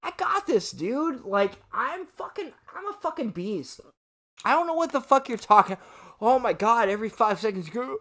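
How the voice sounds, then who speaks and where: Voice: medium pitch, big pitch swings, normal speed, a bit bright. A drunken livestream rant from a streamer a few shots in. The voice swings widely up and down, loaded with curses and exasperation, and broken by hiccuping gasps between words. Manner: swearing, exasperated ranting. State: tipsy from shots.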